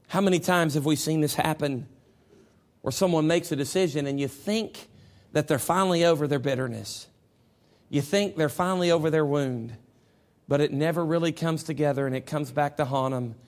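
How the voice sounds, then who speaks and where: Male preacher, 40s, high-pitched, loud and soft by turns, stammering restarts. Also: normal speed. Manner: swings from shouting to quiet, stammers on restarts. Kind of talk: sermon.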